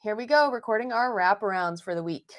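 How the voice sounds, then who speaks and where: A woman's voice: mid-range voice, expressive, brisk. A woman co-hosting a live podcast, talking in a bubbly, giggly way with lots of "like" fillers. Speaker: podcast co-host. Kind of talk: casual live podcast chat. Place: home recording setup in Long Beach, California. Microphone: new podcast microphones.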